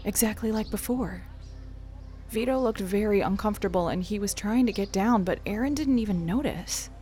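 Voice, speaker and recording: A woman's voice: mid-range voice, moderate pace, warm tone, soft background music. A woman narrating and acting her own part in an audio drama, tense and often raising her voice. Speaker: narrator and lead character.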